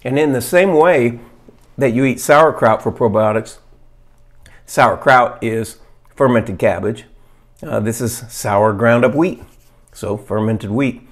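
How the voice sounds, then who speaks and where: A man of middling pitch talks straight to camera in an earnest, plain-spoken way. He shows how to prepare a fermented food and stops often on "uh" and "um". When he reads a study aloud, his delivery turns halting. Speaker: health vlogger. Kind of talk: casual demonstration to camera.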